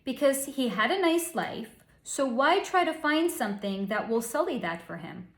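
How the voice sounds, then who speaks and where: A snarky woman talks casually as she gives a psychic reading, with sarcastic, profane asides. Her voice is fairly high and very animated, and the room adds a noticeable echo. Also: moderate pace. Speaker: psychic channel host. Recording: roomy echo.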